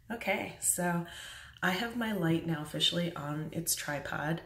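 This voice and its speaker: A young woman chatting casually through an early-morning makeup tutorial at home, speaking softly at times. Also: on the low side, a little slow. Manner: chatty, self-deprecating, talks quietly at times. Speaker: makeup vlogger. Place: home bathroom or bedroom at a mirror. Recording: echoey room, voice from a distance.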